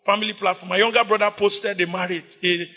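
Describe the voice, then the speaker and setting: High-voiced Nigerian preacher, impassioned. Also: male voice, fairly even intonation. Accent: Nigerian English. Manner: impassioned preaching, often rising to shouts and drawn-out words. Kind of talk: sermon. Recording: dull lo-fi recording.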